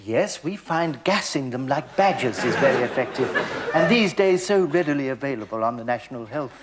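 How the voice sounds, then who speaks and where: A man playing a callous male TV doctor with a matter-of-fact, deadpan expert delivery. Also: medium pitch, a little fast, a loud crowd, very noisy, lightly acted. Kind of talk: sketch comedy.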